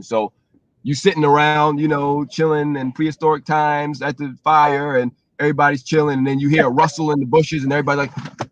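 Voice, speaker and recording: A man co-hosting a casual live-stream talk show, animated and explanatory. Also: medium pitch, dry recording. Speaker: co-host, relationship talk.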